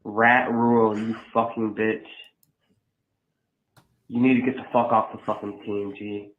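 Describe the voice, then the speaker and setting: A man's voice: fairly low pitch, flat delivery, unhurried. Fired-up man ranting over a tinny phone. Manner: profane, yelling, heated. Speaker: podcast regular calling in. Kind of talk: angry fan rant over the phone. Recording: tinny phone line, echoey.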